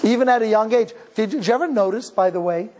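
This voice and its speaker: Fast-talking and high-pitched with a darkish tone, a Cleveland, Ohio man gives a live talk as a rabbi in a hall with long reverb. He relates stories casually, breaking off to restart sentences and laughing along with the audience.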